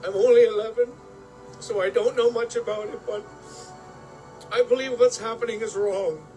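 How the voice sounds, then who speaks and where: A high-pitched man talks in a casual video message, growing emotional and lifting his voice as he reads a note aloud. Clear music plays behind him. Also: steady tone, normal speed, dark tone, rough recording.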